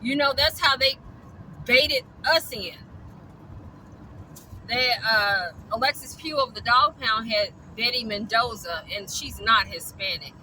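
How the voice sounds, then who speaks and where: Blunt, bright-voiced woman ranting. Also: a little high, unhurried, slight background noise, low-quality recording. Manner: blunt, profane, heated. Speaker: dog rescuer. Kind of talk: angry ranting vlog.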